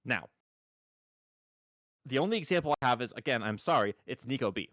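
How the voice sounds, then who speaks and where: A man's voice: medium pitch, big pitch swings, a little fast, pauses often, fairly bright tone, no room sound, clean studio sound. A man chatting on a live stream, explaining pronunciation patiently like a teacher, with emphatic repetitions. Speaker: stream co-host. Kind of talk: casual chat on a live stream.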